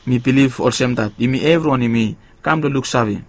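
A male preacher delivers a sermon in a voice of ordinary middle pitch. He lifts his key words with emphasis, then lets each phrase fade low and soft at its close. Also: fairly quick.

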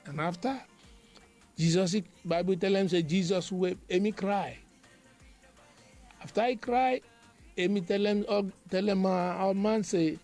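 A man's voice: high voice, measured pace, mellow, soft background music. A man delivering a devotional sermon, emphatic and repetitive in a chanting preaching rhythm.

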